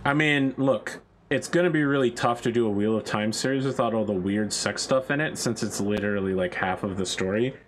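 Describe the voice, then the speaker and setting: A man's voice: lowish voice, brisk, a little hiss or hum. Young man ranting jokingly. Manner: animated, joking rants. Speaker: streamer. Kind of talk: casual chat while gaming.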